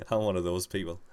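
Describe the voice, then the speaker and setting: A young man chatting casually while gaming with friends, swearing freely and rambling through animated stories. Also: sits low. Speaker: gamer playing with friends over voice chat.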